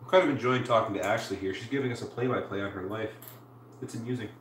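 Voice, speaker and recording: Woman from Canada, very deep voice, casual streamer chat, faint hiss. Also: fast. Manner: chatty, answers viewers while building. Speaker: live streamer. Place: home room. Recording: roomy, distant mic with faint hiss.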